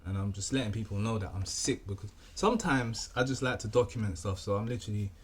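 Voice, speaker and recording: A man's voice: on the low side, lively intonation, fast, husky. A young man telling a rambling, casual story, often repeating himself and saying "you know what I mean.". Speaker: vlogger.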